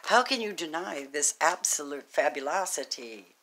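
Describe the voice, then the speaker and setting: A woman giving a casual tarot reading to camera, gushing and excitable, swinging from loud exclamations to hushed murmurs. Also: low voice, moderate pace, husky. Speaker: tarot reader.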